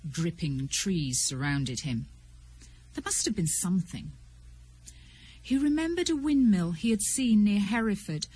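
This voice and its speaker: A woman narrating an audiobook in a measured, expressive storytelling manner. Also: medium pitch, breathy edge, rough recording.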